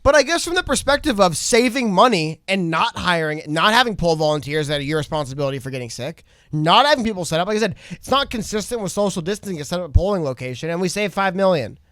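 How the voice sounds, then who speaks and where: A man's voice: sits high, no echo. A man hosting a political podcast, talking through the news in a casual, incredulous way and putting on quoted voices. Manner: fast, lively, incredulous, often puts on quoted voices. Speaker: podcast host.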